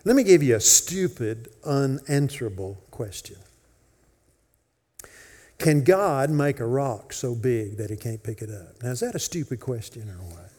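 A husky-voiced pastor delivers a sermon in a church sanctuary. He swings between ringing, emphatic declarations and hushed whispers, and his voice trails off into the long reverb of a large hall. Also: mid-range voice, expressive, a little slow.

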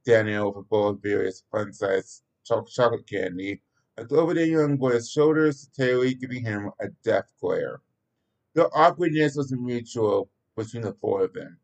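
A man with an ordinary mid-pitched voice narrates a story aloud. The reading is halting, with small slips and restarts, like an amateur recording. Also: a little mellow, poor audio.

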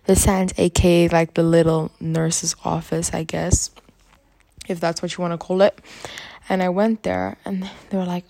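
A woman's voice: on the low side, level tone, normal speed, darkish tone, dry recording. A teenage girl with a runny nose, rambling through a casual solo podcast story with lots of fillers. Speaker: podcast host.

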